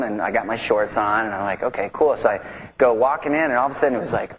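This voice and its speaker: A man's voice: mid-range voice, fast, slight background noise. A man from a band telling a rambling anecdote in an interview, laughing as he goes. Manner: rambling, laughing through the story. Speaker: band member.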